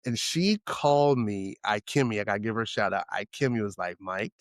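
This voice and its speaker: A man's voice: lowish voice, fairly quick, no room sound, studio quality. A man with a New York accent co-hosting a podcast in casual chat, telling stories and acting out what friends said. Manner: animated storyteller who acts out quoted friends. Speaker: podcast co-host.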